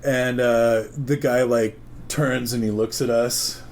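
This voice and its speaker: A man's voice: medium pitch, slow pace, slight background noise. A man telling a long story in a casual chat, swearing freely and acting out the voices of the people in it. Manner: profane, animated, acts out the voices of people in his story. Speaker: podcast co-host telling a story.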